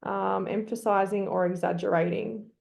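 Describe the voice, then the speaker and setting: A woman's voice: mid-range voice, fairly even intonation, moderate pace, gravelly, darkish tone. A woman teaching an online class, coaxing her students and thinking aloud with frequent ums.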